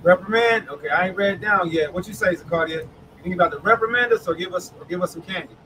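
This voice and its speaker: Animated high-voiced male preacher. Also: a little hiss or hum, low-quality recording. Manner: animated, calls on listeners by name, reads scripture slowly. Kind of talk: online Bible study sermon.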